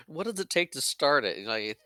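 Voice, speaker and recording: A man's voice: medium pitch, sharp tone, no room sound. A man co-hosting a podcast, chiming in with jokes and laughs and quoting characters while recapping a movie. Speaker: podcast co-host. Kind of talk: casual movie recap chat.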